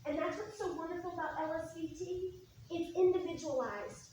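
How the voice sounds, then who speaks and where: A woman speech therapist giving an informal talk to a support group, a lively storyteller who acts out dialogue. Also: very high-pitched, normal speed. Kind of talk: informal presentation with anecdotes. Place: meeting room. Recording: very echoey room, mic far off, faint noise.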